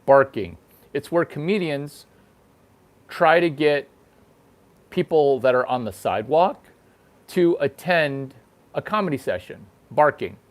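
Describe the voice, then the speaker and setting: On his show, this host wanders through crude, repetitive jokes meant to provoke. He speaks a little slowly with long pauses, his fairly high voice lively in tone, recorded on one mic with no effects.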